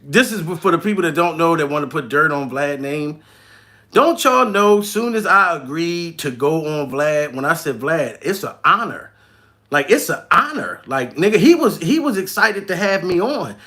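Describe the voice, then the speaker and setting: A man, a comedian, telling a profane, animated story in a vlog, laughing often. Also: a little high, moderate pace. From New York.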